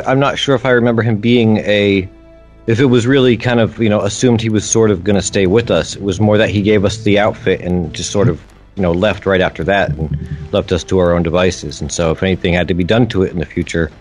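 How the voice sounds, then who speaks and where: A man speaking as a guest, hesitant and full of fillers as he recalls things. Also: low voice. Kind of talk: casual reminiscing.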